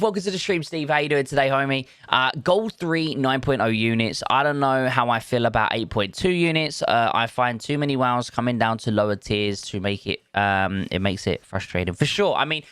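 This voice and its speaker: A man's voice: mid-range voice, a bit bright, clear, resonant tone, no echo, clean studio sound. A man, chatting casually on a live stream, thinking aloud and greeting viewers from chat. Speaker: livestreamer.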